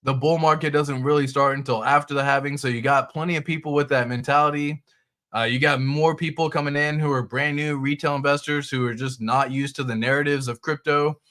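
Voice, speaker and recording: Bright-voiced casual crypto livestream host. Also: male voice, mid-range voice. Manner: casual, loose, talks straight to viewers and reads chat aloud. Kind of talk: casual livestream market commentary.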